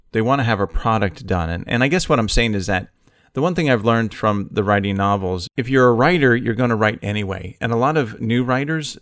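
Man, low voice, dry close recording, relaxed podcast co-host, reflective. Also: no echo. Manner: relaxed, reflective, playful banter. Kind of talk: casual conversational podcast.

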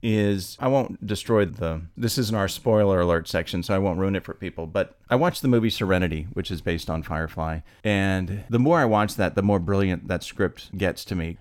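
A man who writes screenplays, chatting casually and telling anecdotes with lively energy. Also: lowish voice. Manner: animated storyteller, acts out quotes. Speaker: screenwriter guest. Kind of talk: casual storytelling chat.

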